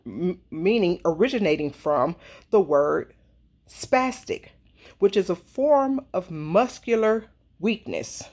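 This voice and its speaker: Worked-up woman venting commentary. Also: mid-range voice. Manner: heated, worked up, emphatic repetition. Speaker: social media commentator. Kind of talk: casual commentary monologue.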